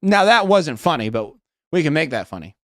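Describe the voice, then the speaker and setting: A man's voice: a little high, very animated, fairly quick, fairly bright tone, no echo, clean studio sound. A young man with a West Coast American accent chatting casually on a livestream, rambling, swearing and thinking aloud as he reads chat. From United States. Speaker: streamer.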